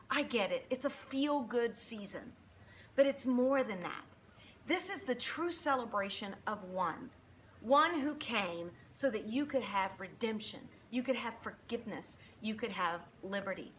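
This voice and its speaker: A woman in her forties delivers a preachy, animated faith-based motivational talk. Her voice sits a bit high and rings bright and forceful, with a faint hiss of noise behind it. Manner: emphatic, preachy, animated storytelling. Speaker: Christian motivational speaker.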